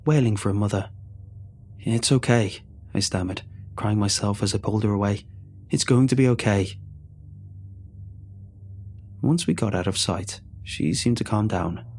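Male horror narrator, low pitch, measured and somber delivery. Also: a little mellow, a little hiss or hum.

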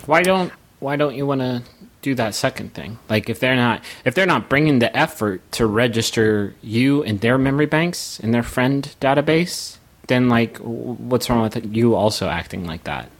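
Male comedy podcast co-host, quick riffs and laughter, lively pitch. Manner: playful, riffing, laughs often. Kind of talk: casual comedic banter.

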